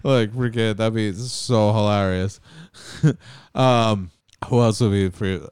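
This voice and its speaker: Giggly New England guy, smooth voice. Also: lowish voice, steady tone, slow, a little mellow, dry recording, studio quality. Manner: giggly, rambling, trails off with "like". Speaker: podcast co-host. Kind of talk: casual joking chat.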